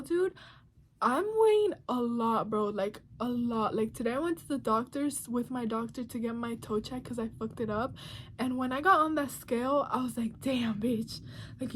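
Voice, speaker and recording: Young woman vlogger, high and profane. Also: slight background noise. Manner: blunt, profane, slangy, emotional. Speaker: beauty vlogger. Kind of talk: casual confessional vlog.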